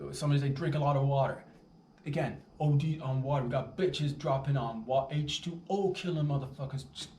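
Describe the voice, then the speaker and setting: A man riffs loosely as a podcast host, swearing freely and wandering between tangents in a middle-pitched voice. He sits well back from the microphone, so his voice carries the ring of a roomy space, and a faint noise hums underneath. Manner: rambling, profane, animated asides. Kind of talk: rambling comedic podcast monologue. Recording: roomy, distant mic with faint background noise.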